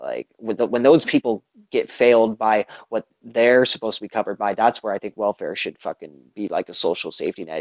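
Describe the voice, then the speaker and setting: A man's voice: fairly low pitch, dry recording. A man in casual political chat, rambling with lots of fillers and swearing, acting out the quotes he retells. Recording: dull lo-fi sound, dry.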